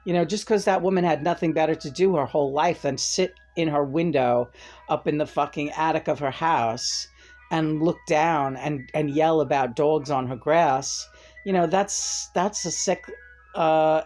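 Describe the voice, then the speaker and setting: A woman's voice: deep voice, a little slow, a little mellow, faint music behind. Profane ranting woman, middle-aged. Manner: profane, venting, raises voice in bursts. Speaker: vlogger. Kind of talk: angry personal rant.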